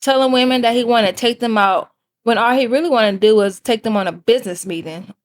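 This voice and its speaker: A woman's voice: fairly high pitch, fast. Sassy woman hosting a commentary. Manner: sassy, addresses viewers as cousins. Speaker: host. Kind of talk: scripted commentary.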